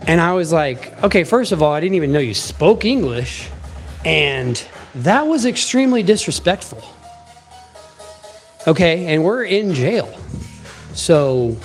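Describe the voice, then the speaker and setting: Young man, somewhat high voice, lively emphatic storyteller, faint music under him. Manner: animated, emphatic, swears casually. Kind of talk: casual storytelling.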